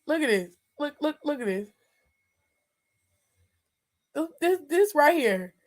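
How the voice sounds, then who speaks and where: High-voiced woman ranting with laughter. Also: sing-song, slow pace. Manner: exasperated, laughing between lines, swearing. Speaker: show host. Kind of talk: casual reaction commentary.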